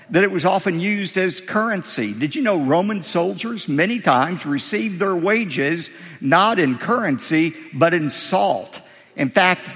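A male pastor preaching from a podium, his voice gravelly and pitched a touch high. He swings widely up and down as he presses rhetorical questions on the listeners. A long hall reverb trails every phrase from the sanctuary. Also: a bit bright. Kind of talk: sermon.

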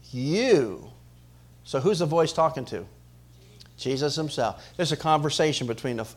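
Man, pastor, preaching sermon, rising and falling emphasis, questions to congregation. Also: mid-range voice. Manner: swings between loud emphatic rises and quiet drops.

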